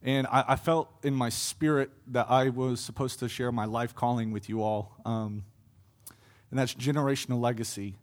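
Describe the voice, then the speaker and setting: An earnest young man preaches a personal testimony from the pulpit, his voice sitting at an ordinary middle pitch. He swells from quiet reflection into impassioned, louder pleas. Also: steady tone, moderate pace. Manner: earnest, building to impassioned pleas with fluctuating loudness. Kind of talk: sermon testimony.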